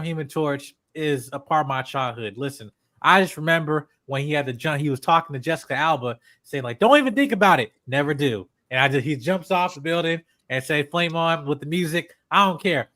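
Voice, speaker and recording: A man's voice: on the high side, fairly quick, no room sound, studio quality. A man, a guest on a live stream, chatting casually about a movie trailer with lots of fillers and laughs. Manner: animated, laughing, many fillers. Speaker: guest panelist.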